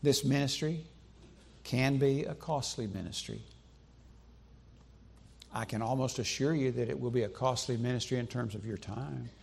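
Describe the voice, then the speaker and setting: A man preaching a sermon in a church sanctuary, emphatic, with slow deliberate pauses and repetition for stress. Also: mid-range voice, creaky, breathy edge. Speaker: pastor.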